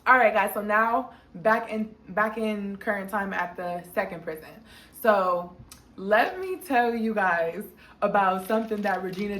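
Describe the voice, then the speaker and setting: Animated woman telling a story, echoey room. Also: slight background noise. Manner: animated, slangy, acts out quotes in a high voice. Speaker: storytime vlogger. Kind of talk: casual storytime narration.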